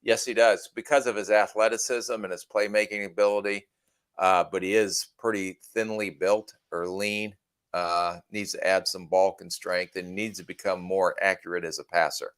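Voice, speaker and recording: A man with a very low voice, co-hosting a sports podcast and weighing in with measured, plain-spoken takes. The audio is dry and close, with no room sound. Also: level tone, fairly bright tone, clear, resonant tone, no echo. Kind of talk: casual sports podcast chat.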